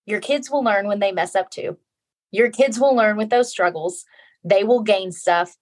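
A woman's voice: mid-range voice, moderate pace. A middle-aged woman, a guest author in a casual interview, talking earnestly and repeating phrases for emphasis.

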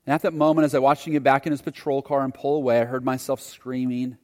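A man's voice: medium pitch, level tone, fast talker, darkish tone. A male preacher telling a personal story in a sermon, earnest and reflective. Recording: long hall reverb.

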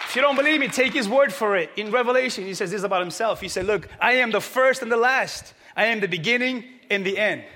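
A man preaching a sermon to a congregation, energetic and often shouting. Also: high voice, quick pace, hardly any pauses, some chatter behind. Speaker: pastor. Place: church hall with congregation.

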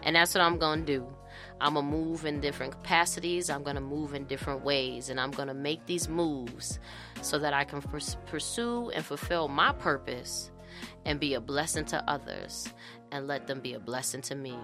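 A woman's voice: low voice, moderate pace, music in the background. A woman hosting her own podcast as an educator, talking casually and encouraging listeners. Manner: warm-hearted, preachy encouragement with fillers.

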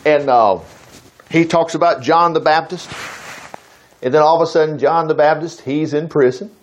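A man's voice: fairly high pitch, moderate pace, highs cut off. A man preaching a conversational sermon, reading scripture aloud and breaking off into chatty, folksy asides.

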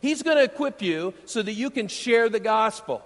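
Male pastor, from Iowa, sermon, high voice, emphatic, rhetorical questions, long hall reverb. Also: lively intonation, moderate pace, a bit bright.

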